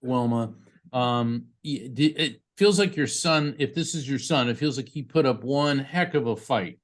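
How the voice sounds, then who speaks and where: Chatty male psychic medium. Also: mid-range voice. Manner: chatty, halting, with many fillers and restarts. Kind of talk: live reading for a bereaved parent.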